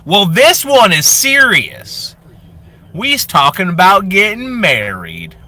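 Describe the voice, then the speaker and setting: A giddy, lovestruck woman gushes about her new relationship with slow, drawn-out, dramatic lines, as a man puts her on in a much higher voice. Her tone is bright and sharp. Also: very animated, exaggerated voice. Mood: gushing. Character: giddy lovestruck woman posting online updates.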